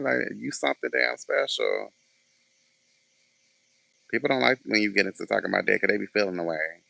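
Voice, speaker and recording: A man's voice: on the low side, animated, fairly quick, creaky, long pauses, sharp tone, no echo. A man ranting casually to camera in a sassy, sarcastic way, swearing freely. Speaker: vlogger.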